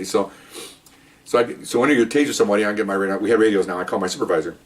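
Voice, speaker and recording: Fast-talking older man telling stories. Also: fairly low pitch. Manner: animated, acts out sounds and voices, frequent "okay" and "you know". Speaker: retired police officer. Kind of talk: casual storytelling. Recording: voice a bit far from the mic.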